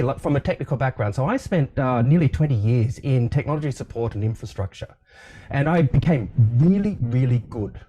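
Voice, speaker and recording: Mellow-voiced Australian man, relaxed storyteller. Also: a little high, a little hiss or hum. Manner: relaxed, storytelling, with frequent ums and restarts. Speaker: leadership coach, guest. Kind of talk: casual interview conversation.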